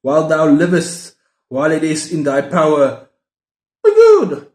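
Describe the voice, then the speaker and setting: A man playing a solemn Roman emperor who speaks in grave, old-fashioned phrasing, his voice jumping high at the end of each line. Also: huge pitch swings, unhurried, a little mellow. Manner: grave, archaic reading that squeaks high at phrase ends. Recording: roomy echo.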